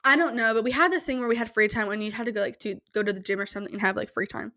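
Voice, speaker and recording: Young woman podcaster at home, kinda high voice, chatty and self-deprecating, does the voices in her stories. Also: very fast. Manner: animated, self-deprecating, acts out quotes with big pitch jumps. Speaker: podcast host. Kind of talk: casual solo podcast storytelling. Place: home room, quiet at night.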